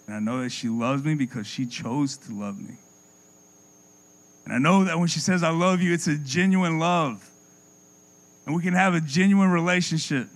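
Male preacher, slightly high pitch, passionate sermon delivery, faint crickets and hum in the background. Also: poor audio. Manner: impassioned, dropping low and soft for effect; repeats words when building a point.

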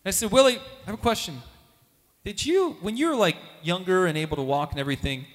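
A man telling a lively faith story as a testimony, acting out the voices of the people in it. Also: quick pace. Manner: animated, acts out quoted voices with big pitch jumps. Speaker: speaker at a Catholic gathering. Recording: long hall reverb.

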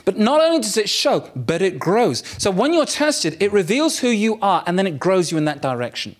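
Man, preacher, sermon, candid, self-mocking, dramatic pauses, fairly high voice. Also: very animated. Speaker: pastor. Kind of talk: sermon with personal story.

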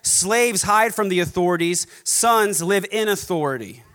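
Heard through long hall reverb, a pastor delivers his sermon with emphasis and rhythm, piling on repeated contrasts. His high-pitched male voice is expressive, a little slow and slightly bright.

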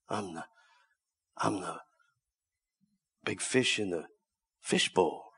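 A male preacher telling a story in a sermon, dramatic, swinging from loud cries down to hushed whispers. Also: lowish voice, takes it slowly, gravelly, pauses often, husky.

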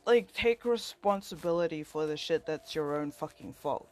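A woman's voice: low-pitched, lively intonation, normal speed. A young woman ranting to a friend, heated and profane, rambling with constant filler words, her voice rising as she gets worked up. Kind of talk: angry personal rant to a friend.

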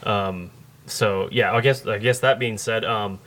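A man's voice: on the low side, fairly even intonation, measured pace, fairly bright tone. A man hosting a casual podcast chat, rambling and heavy on fillers as he tells a long story. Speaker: podcast host.

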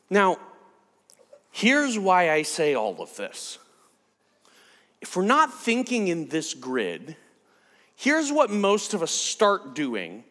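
A man preaching a casual, animated sermon who acts out the people he quotes. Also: high voice, big-room sound.

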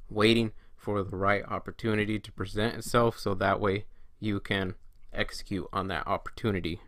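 A man's voice: lowish voice, fairly bright tone, no room sound, clean studio sound. A man talking casually as a trading coach, often acting out inner voices and quoted friends. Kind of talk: casual solo talk to camera.

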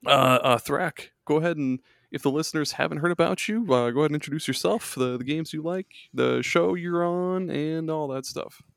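Gravelly laid-back podcast host man. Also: a little high, fairly quick, few pauses, dry recording, studio quality. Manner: laid-back, laughing, teasing guests. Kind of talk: casual podcast chat.

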